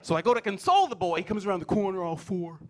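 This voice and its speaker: Lively, animated man in his forties. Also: sits high, rapid-fire. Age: 40s. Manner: animated storytelling, acting out his kids. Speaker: stand-up comedian. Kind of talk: stand-up comedy set. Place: comedy stage before a live audience.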